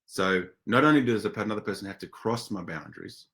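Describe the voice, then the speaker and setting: A man with a very low voice presents a webinar in a relaxed, conversational way. He sounds enthusiastic and chatty, often pausing and restarting his sentences as he goes.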